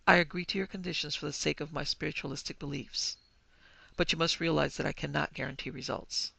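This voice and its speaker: A calm, composed female medium, read by a man with a gravelly, fairly high voice. She speaks in a measured, even way, and the sound is close and dry. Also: no echo, full character voice. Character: calm middle-aged female spiritualist medium.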